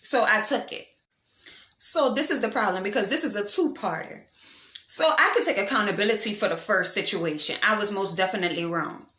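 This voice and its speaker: A young woman telling a storytime vlog in a frank, animated, slangy way, poking fun at herself. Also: medium pitch, a little fast. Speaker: vlogger. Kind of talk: casual storytime monologue. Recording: echoey room.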